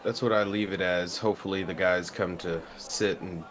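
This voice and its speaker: A man's voice: deep voice, fairly even intonation, moderate pace, a little hiss or hum. A man talking casually as a player in a tabletop game, rambling through what his character does.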